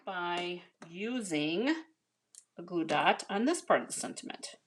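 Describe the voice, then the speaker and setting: American woman, craft tutorial host, slow chatty delivery, friendly asides to viewers. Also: fairly low pitch, expressive. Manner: chatty, talks to viewers as you guys and honey. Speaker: card-making instructor.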